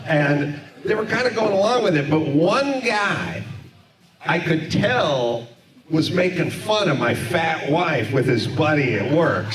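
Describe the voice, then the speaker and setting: A middle-aged man hosting, telling a rambling comic story in front of a live audience. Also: medium pitch. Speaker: comedy podcast host. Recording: echoey live room, far mic, audience.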